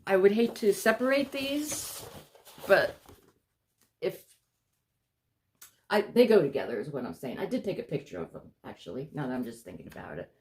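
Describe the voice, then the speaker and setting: A woman's voice: lowish voice, lively intonation, moderate pace, pauses often, darkish tone. A woman vlogging from home, out of breath, rambling and apologetic as she chats to her viewers. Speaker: vlogger showing her paintings. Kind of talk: casual chat to camera.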